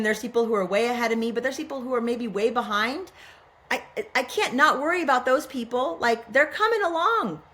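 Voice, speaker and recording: A woman's voice: medium pitch, a bit bright. A middle-aged woman guest on a podcast, talking in an earnest, musing way and often asking herself questions aloud. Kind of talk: reflective spiritual conversation.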